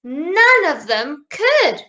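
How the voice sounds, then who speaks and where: A woman reading a picture book aloud to children in a slow, sing-song, animated way. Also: high voice. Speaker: storybook reader. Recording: roomy echo.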